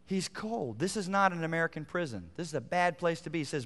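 A middle-aged man preaching a sermon as pastor, animated, climbing to emphatic peaks and dropping to quiet asides. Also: a little high, fast talker, hardly any pauses. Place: church sanctuary. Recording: long reverb of a large hall.

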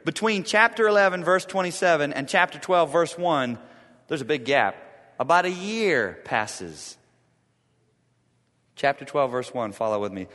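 Dramatic preacher with big swings in a hall. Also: male voice, a little high, animated, unhurried. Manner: dramatic swings from loud to hushed. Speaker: pastor. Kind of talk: sermon.

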